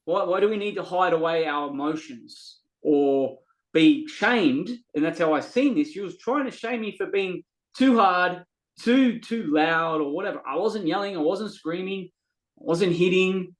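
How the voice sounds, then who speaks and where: An Australian man who works as a men's coach speaks as a podcast guest, his voice high and unhurried on a low-quality recording. He talks earnestly and from the heart in a casual, storytelling way, sometimes repeating words while searching for them.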